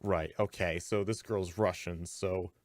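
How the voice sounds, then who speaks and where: A man's voice: sits low, steady tone, unhurried, a little hiss or hum. A man hosting a let's-play, giving rambling, self-deprecating commentary. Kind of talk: casual gameplay commentary.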